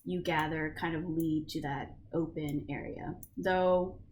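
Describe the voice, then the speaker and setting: A woman's voice: low voice, steady tone, a little slow, darkish tone, slight background noise. A woman narrating a tabletop game as game master in a casual, loose way, with lots of fillers.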